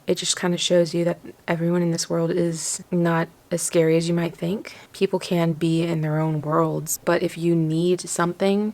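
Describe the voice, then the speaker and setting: A woman's voice: fairly low pitch, vocal fry, darkish tone. A young woman, casually chatting through a travel vlog and gushing over food and sights. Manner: enthusiastic, gushing. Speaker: vlogger.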